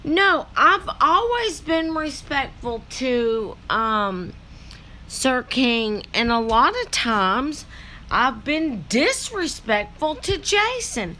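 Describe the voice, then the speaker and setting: Woman host, slow rambling reaction commentary, bright tone. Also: sits high, sing-song, slight background noise. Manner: rambling, with many fillers.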